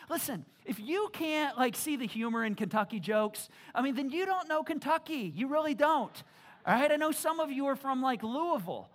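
Animated joking pastor preaching. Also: high voice, normal speed. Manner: animated and joking, swings from loud to hushed; frequent repeated words and restarts. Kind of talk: sermon.

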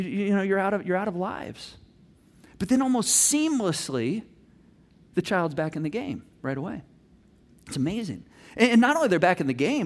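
A middle-aged male pastor delivers a sermon in a notably high voice. He tells stories in an animated way, acting out voices of himself and his family, and swings between loud and soft.

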